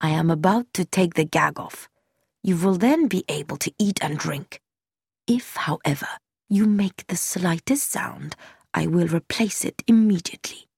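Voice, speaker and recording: A woman voicing a quiet, controlled male foreign agent in an audiobook reading. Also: mid-range voice, expressive, slow, gravelly, no echo, voice pushed up, heavily acted. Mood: cold. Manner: quiet, clipped.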